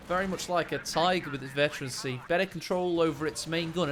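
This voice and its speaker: A man casting a video game match, joking and rambling and breaking into sudden excited shouts. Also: on the high side, slight background noise. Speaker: game caster.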